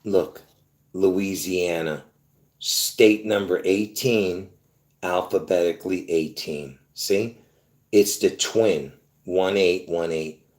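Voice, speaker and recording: Low and darkish in tone, the host's voice moves slowly through a roomy-sounding space. He addresses viewers directly in a meandering explanation, insisting on his view through repetition, false starts, and fillers.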